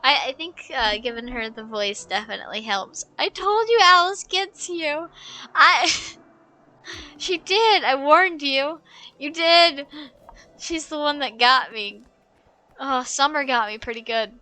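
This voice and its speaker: High, bright-voiced woman streamer. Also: slow pace. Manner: expressive, emotional, laughs readily. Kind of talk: live game stream, reading and reacting.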